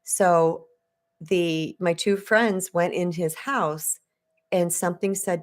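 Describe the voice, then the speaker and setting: A woman's voice: lowish voice, fairly even intonation, slow. A woman spiritual coach from Arizona telling a personal story on a live stream, chatty and conversational, talking straight to her viewers.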